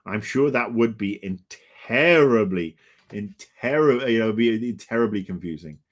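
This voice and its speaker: A man's voice: on the low side, lively intonation, normal speed. Grumpy man in his fifties. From Britain. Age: 50s. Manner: rambling, grumpy and profane, with many fillers. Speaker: livestream host. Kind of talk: casual chat.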